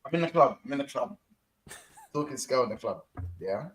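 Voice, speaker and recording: A man co-hosting a casual chat, telling animated stories, acting out voices and laughing often. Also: mid-range voice, fairly quick, roomy sound, a little hiss or hum, poor audio. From London. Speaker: co-host.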